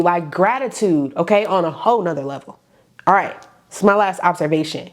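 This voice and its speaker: A woman's voice: mid-range voice, fairly quick. Woman, faith-based coach leading a Bible study, fervent and emotional, mid-range voice, repeats for emphasis. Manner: fervent, repeats lines for emphasis, addresses listeners as y'all. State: tearful at times.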